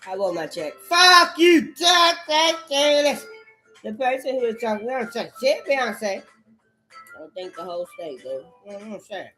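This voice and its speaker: A woman in a rambling, profane rant, repeating curses and jumping between loud outbursts and low mutters. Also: animated, moderate pace, soft background music. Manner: erratic, repetitive, swearing constantly, swinging between shouts and mutters. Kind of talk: profane stream-of-consciousness rant.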